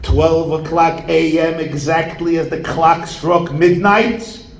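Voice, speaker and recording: Brief: lively male storyteller with a high voice, folk tale with Yiddish phrases, echoey room. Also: slow, distant mic, a little hiss or hum. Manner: animated and theatrical. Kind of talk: folk tale telling, sprinkled with Yiddish and Hebrew words.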